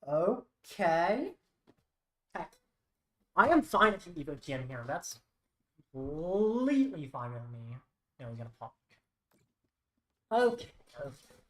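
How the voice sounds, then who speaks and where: A woman talks through her card game moves at a leisurely pace, half to herself and a little wry. Her voice sits low. The sound carries a roomy echo. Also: very animated, takes it slowly, pauses often. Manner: muttering, thinking aloud, wry. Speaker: streamer. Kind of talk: live-stream card game commentary.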